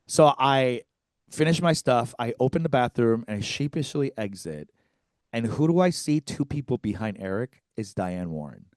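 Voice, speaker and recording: A man's voice: mid-range voice, normal speed, no echo, clean studio sound. A man co-hosting a comedy podcast, telling a story with lots of swearing and acted-out quotes. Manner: animated, profane, acts out quotes.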